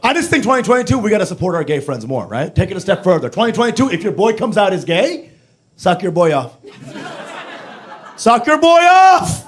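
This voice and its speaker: A man's voice: high voice, sing-song, quick pace. A male stand-up comedian with a brash, crude, punchy delivery.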